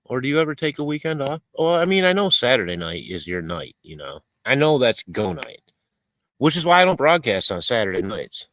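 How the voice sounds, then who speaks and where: A man's voice: mid-range voice, very animated, fairly quick, fairly bright tone, no echo, rough recording. A man hosting a casual live stream outdoors while cooking, rambling, swearing and reading chat messages aloud. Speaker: livestream host. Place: outdoors in a rural area.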